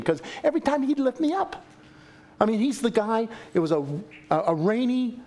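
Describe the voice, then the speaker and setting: A male pastor preaching a sermon in church, jokey and animated, acting out quotes. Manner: animated, jokey, acts out quotes with big pitch swings. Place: church sanctuary.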